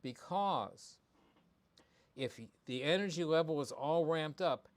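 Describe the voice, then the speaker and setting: A man's voice: fairly high pitch, moderate pace. A man, a veterinarian hosting a live show, talking with emphasis and repeating his key points, with ums and restarts. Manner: conversational with many ums and restarts. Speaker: veterinarian host. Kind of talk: live talk on pet behavior.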